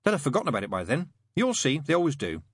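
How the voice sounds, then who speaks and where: Scruffy cheeky schoolboy ringleader, sulky and sly, put on by a male narrator, slightly raised, husky. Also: on the high side, huge pitch swings, very fast, no echo, voice pushed up, heavily acted. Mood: brightening. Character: scruffy cheeky eleven-year-old boy gang leader.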